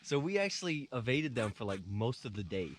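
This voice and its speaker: A man's voice: medium pitch, very animated, a little fast. Swearing man telling army stories. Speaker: vlogger. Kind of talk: casual chat. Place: snowy winter campsite outdoors.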